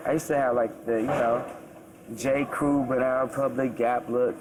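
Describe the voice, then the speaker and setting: A man's voice: mid-range voice, steady tone, moderate pace, noisy background. Man chatting loosely in an interview. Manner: loose, rambling, with many restarts and asides. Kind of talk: casual interview chat.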